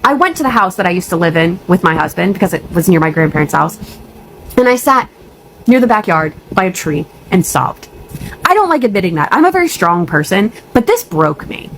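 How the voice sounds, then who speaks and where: A woman's voice: lowish voice, big pitch swings, fairly quick, a little hiss or hum, rough recording. A young woman telling a storytime vlog, ranting and upset, blunt and profane, on the verge of tears. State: near tears.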